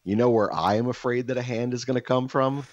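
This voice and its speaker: A podcast co-host with a medium-pitched voice talks quickly, telling crude stories in casual conversation. He jokes and curses freely, and the audio is dull with no echo.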